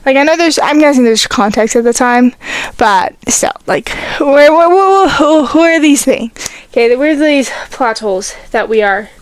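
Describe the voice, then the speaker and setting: A woman's voice: high-pitched, expressive, moderate pace, no room sound. A teenage girl hosting a casual podcast, rambling with lots of fillers and sometimes running short of breath. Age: teens. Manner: rambling, filler-heavy, talks to her cat. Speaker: podcast host. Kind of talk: casual chat.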